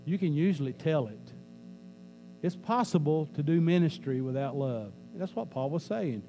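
A pastor preaching a conversational sermon in a church, joking with the congregation and repeating phrases for emphasis. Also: male voice, a little high, animated, moderate pace, mellow, low-quality recording. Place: church sanctuary. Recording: faint mains hum.

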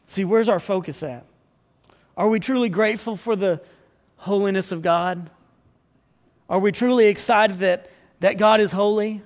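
A man's voice: high voice, normal speed, pauses often. A man preaching a sermon as pastor, earnest and building to fervent appeals. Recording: long hall reverb.

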